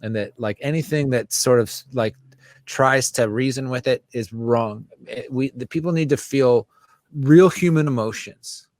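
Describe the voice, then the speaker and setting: A man's voice: medium pitch, a little slow, no echo, clean studio sound. A man from the United States, an interview guest, talking casually and with passion, swearing freely and acting out other people's voices. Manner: animated, profane, acts out voices of others. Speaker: guest, writer and musician. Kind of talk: casual impassioned interview talk.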